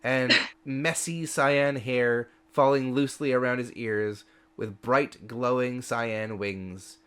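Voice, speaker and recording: A man's voice: medium pitch, fairly even intonation, slow pace, fairly bright tone, clean tone. A man running a tabletop game as game master, explaining rules and describing scenes playfully.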